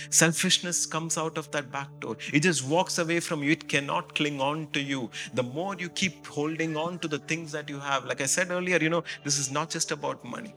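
A male pastor preaching with a bright, forceful voice, telling stories in a lively, chatty way and leaning on "you know" fillers. Faint music plays softly behind him. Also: on the high side. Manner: animated storytelling, frequent "you know" fillers. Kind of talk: sermon.

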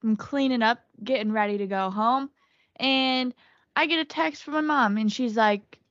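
A woman guest tells a story in a casual podcast chat, her fairly high voice quick and excitable as she voices her own thoughts. The recording is dry and a little dull. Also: no echo. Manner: excitable storytelling, fast quoted asides.

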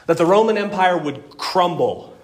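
A male pastor delivers an earnest sermon and works through scripture passage by passage. His voice sits slightly high for a man. He repeats words when he stresses a point and drops into hushed tones on tragic moments. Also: lively intonation, normal speed. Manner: dramatic swings between loud emphasis and hushed tones.

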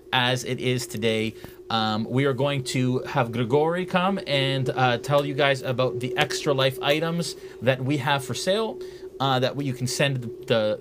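A man narrating a tabletop game as game master and giving relaxed stream announcements with many fillers. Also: medium pitch, background noise. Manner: relaxed, loose, lots of fillers.

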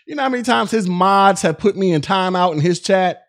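A man's voice: sits high, brisk, a bit bright. A male podcast host on a live stream, ranting in a profane, mocking way at critics.

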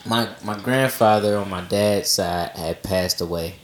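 A man co-hosting a podcast, telling family stories in animated casual chat with low asides. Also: unhurried, roomy sound. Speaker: podcast co-host.

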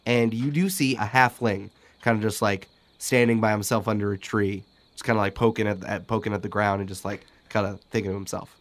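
A man narrating a tabletop game as game master, relaxed and hesitant with many fillers. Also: fairly low pitch, fairly quick, hardly any pauses.

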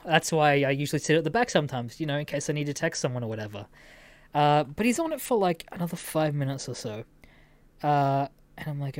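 A woman's voice: low voice, expressive, moderate pace, dry recording. A woman hosting a casual storytelling podcast, swearing freely and laughing as she talks. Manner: swears freely, laughs while telling stories. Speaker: podcast host.

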